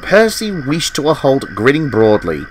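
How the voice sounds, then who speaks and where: A man giving scripted storybook narration in an animated, expressive way. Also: medium pitch, moderate pace, a little hiss or hum. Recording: festive music with jingle bells behind.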